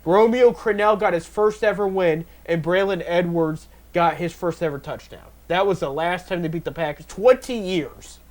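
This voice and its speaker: A man in his thirties hosts a relaxed sports talk segment, reading out game times and picks. His voice sits a little high for a man, and he stumbles, restarts and drops "there you go" as a filler. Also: moderate pace, hardly any pauses. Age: 30s. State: talking with a stuffed face. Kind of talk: casual sports picks chat.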